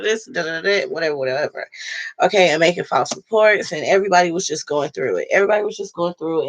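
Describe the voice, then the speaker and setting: A woman's voice: medium pitch, fairly bright tone. Blunt, profane woman ranting on her vlog. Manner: blunt, profane, heated storytelling. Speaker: vlogger. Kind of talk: casual vlog rant.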